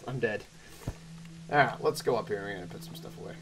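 A young man commentating a video game, excitable and chatty, yelping at danger and answering chat. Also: mid-range voice, fast, soft background music. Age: young adult. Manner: excitable, yelps and exclaims, chatty asides to chat. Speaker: let's play host. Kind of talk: gameplay commentary.

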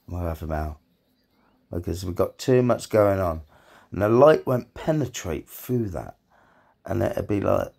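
Brief: bloke, gardener vlogger, low gravelly voice, rambly, swears and jokes. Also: male voice, big pitch swings, measured pace, a little mellow. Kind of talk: casual vlog chat.

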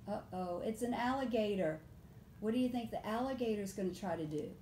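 A woman reading picture books aloud at story time, animated and stopping often to ask the children questions. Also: fairly high pitch, normal speed. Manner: animated, asks children questions and invites them to join in.

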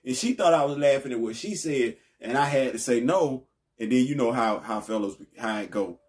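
A man hosting his own vlog, talking in a rambling, slangy, animated way that rises high when he gets frustrated. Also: normal speed. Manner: rambling, slangy, laughs often. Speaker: vlog host. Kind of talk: casual ranting vlog.

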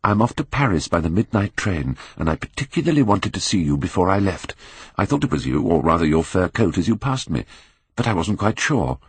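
A grave Victorian painter, pleading urgently with a friend , as a male reader puts him on. His voice sits low and husky yet swings widely in pitch. Dry, close recording. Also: very animated, fairly quick, dry recording, heavily acted. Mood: eager. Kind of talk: audiobook character reading.

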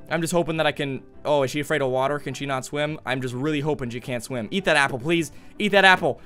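A man's voice: fairly high pitch, quick pace, fairly bright tone, faint music behind. A man giving goofy, jokey commentary while playing a video game, exclaiming and talking to other players as he goes. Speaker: gaming YouTuber.

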